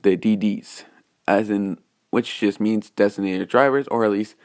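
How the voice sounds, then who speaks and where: A man's voice: on the low side, steady tone, unhurried, a little mellow. A man casually retelling a fan-made story, meandering and full of restarts and filler.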